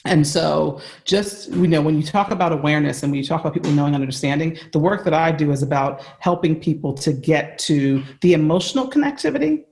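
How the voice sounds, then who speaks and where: An American leadership coach with a deep, slightly mellow voice gives earnest, emphatic interview answers with examples on a video call. She talks fast with few pauses, and the room sounds echoey.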